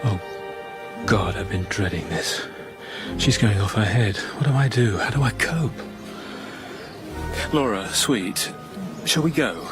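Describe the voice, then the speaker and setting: An actor playing a sarcastic English husband in a radio drama whose dry wit turns to worry. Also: male voice, on the low side, lively intonation, takes it slowly, pauses often, over music. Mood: worried. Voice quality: dry sarcastic humour, turning anxious. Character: sardonic anxious English husband, John. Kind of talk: BBC radio drama acting.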